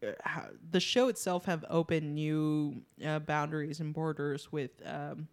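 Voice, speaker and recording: A woman's voice: low-pitched, unhurried. Laughing, foul-mouthed woman chatting. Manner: profane, laughing, animated impressions. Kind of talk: casual chat.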